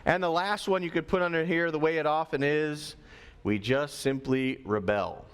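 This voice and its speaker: A man preaching to schoolchildren in a school chapel, as pastor and teacher, lively and teacherly, repeating his key points. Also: fairly high pitch, moderate pace, smooth. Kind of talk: sermon to schoolchildren.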